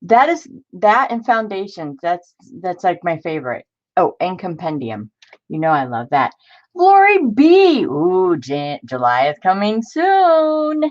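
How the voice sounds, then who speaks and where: A woman with a lowish voice chats through a casual crafting live stream, upbeat and quick to greet her viewers by name. The audio is dull and a little lo-fi. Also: very animated. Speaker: crafting channel host.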